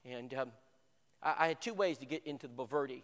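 A man teaching a church Bible lesson through an animated personal story, acting out voices and stammering over repeated words. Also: mid-range voice, brisk. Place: church hall. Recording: long hall reverb.

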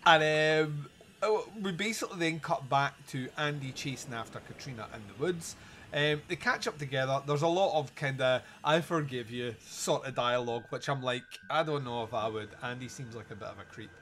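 A man's voice: mid-range voice, fairly quick, a bit bright, a little hiss or hum. A man hosting a podcast, recapping a movie scene in a rambling way and laughing often as he goes. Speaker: podcast host. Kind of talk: casual film review chat.

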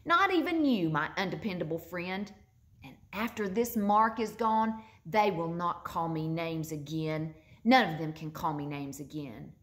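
A woman reading a storybook aloud and voicing an eager, lively young boy. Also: fairly low pitch, unhurried. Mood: hopeful. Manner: bright, excited, scolding fondly.

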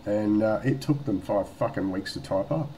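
A man's voice: fairly low pitch, normal speed, warm tone, slight background noise, poor audio. An Australian man telling a story casually in a vlog at home, rambling and swearing, with lots of fillers and restarts. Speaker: vlogger.

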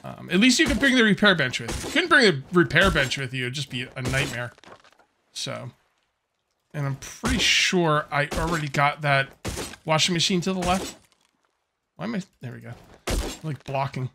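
A man's voice: fairly high pitch, creaky, bright, forceful tone, a little hiss or hum. A man casually commenting on his survival-game session as he plays, rambling and easygoing with lots of fillers. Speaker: gameplay commentator. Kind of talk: casual let's-play commentary.

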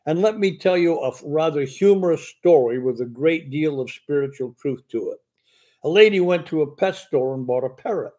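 An older male preacher teaching in a live Bible Q&A, with a stammer that slips through between points. His voice is mellow and pitched slightly high for a man. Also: lively intonation, normal speed. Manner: stammers in speech, fluent when preaching. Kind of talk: sermon-style Bible Q&A.

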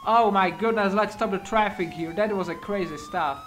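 A man with a non-native English accent giving casual gameplay commentary, excitable and quick to exclaim and swear. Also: high voice, slight background noise. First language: not English. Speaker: gaming YouTuber.

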